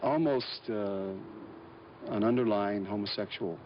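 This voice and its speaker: Man, actor guest, relaxed rambling storyteller, fairly low voice, muffled lo-fi recording, faint hiss. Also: unhurried. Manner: relaxed, rambling, many fillers and restarts. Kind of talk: casual anecdotal interview talk.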